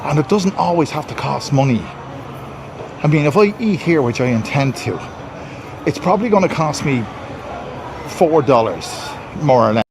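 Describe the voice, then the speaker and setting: A man's voice: fairly high pitch, lively intonation, moderate pace, pauses often, noisy background. A man vlogging into a handheld camera outdoors and in his car, rambling, repeating himself and sounding pleased with himself. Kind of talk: walking vlog monologue. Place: outdoors in a city street and car.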